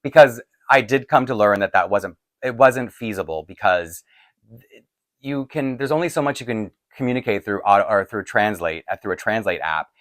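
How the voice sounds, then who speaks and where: A man hosts a casual Q&A video for his doll collecting channel from a home filming set-up, chatty and rambling, laughing often as his voice grows tired. He speaks at normal speed in a lowish, slightly bright voice with no room sound.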